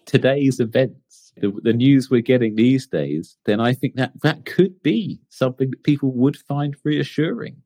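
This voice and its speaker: A man's voice: mid-range voice, lively intonation, normal speed, few pauses, dark tone. A man with a Portsmouth English accent, co-hosting a podcast in casual chat and laughing often. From England. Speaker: podcast co-host.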